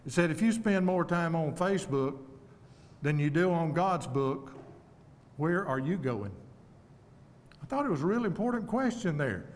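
A man preaching an evening sermon, earnest and humble, speaking in a measured way with deliberate pauses. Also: on the high side, animated. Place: church auditorium. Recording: long reverb of a church hall.

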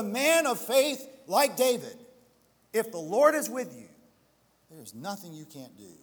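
A man's voice: sits high, big pitch swings, unhurried, in a large hall. A male pastor preaching a sermon, building to emphatic exhortation and slipping into self-deprecating storytelling asides.

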